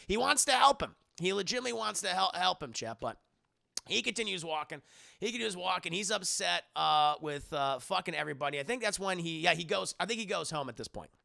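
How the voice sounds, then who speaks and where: A man giving profane, animated live-stream commentary to his chat. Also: high voice, quick pace, creaky. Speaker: streamer, show reviewer.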